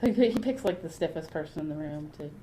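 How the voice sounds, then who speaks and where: A woman telling lively rambling anecdotes in a casual podcast interview, laughing often. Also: deep voice, fairly quick. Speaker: guest artist. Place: anime convention. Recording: convention crowd noise behind.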